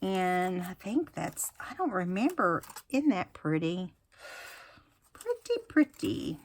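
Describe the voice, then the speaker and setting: Woman chatting thru her collage project, low voice, takes her time. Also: sing-song, takes it slowly. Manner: chatty, thinks aloud while working. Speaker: craft vlogger. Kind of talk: casual craft tutorial talk.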